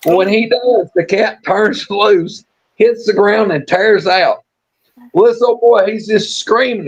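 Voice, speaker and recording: A high-pitched man spins a folksy, rambling yarn on a live stream. He restarts often and chuckles through the story. The audio is dull and lo-fi. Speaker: storytelling co-host.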